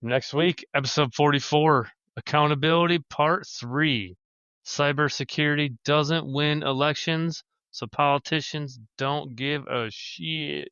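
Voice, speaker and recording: Chill blunt guy on a podcast, smooth voice, kinda dull lo-fi sound. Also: a little high, fairly even intonation, a little slow, bright, forceful tone, no echo. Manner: laid-back, blunt, swears casually. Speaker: podcast co-host. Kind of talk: casual podcast banter.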